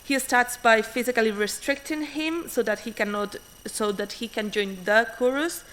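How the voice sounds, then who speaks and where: Woman reading her conference talk fast, lots of uh and restarts, bright edgy voice. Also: on the high side, rough recording. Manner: hurried, frequent restarts and fillers. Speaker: academic conference speaker.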